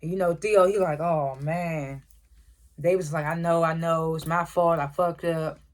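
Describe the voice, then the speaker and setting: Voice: mid-range voice, fairly even intonation. Casual TV recapper: chuckly, profane, rattles off quoted dialogue scene by scene. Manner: chuckles often while retelling scenes; acts out characters' lines in quick quotes. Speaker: TV episode reviewer.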